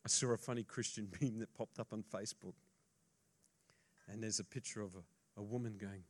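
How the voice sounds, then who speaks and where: A male pastor preaching a sermon, swinging between hushed asides and loud emphasis, and joking casually with the congregation. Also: fairly low pitch, fairly even intonation, normal speed.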